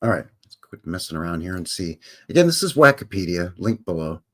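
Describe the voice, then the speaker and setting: A man's voice: deep voice, big pitch swings, fairly quick. A man hosting a casual livestream from a room at home, chatting in a rambling way and interrupting himself. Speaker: channel host. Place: home room with windows open.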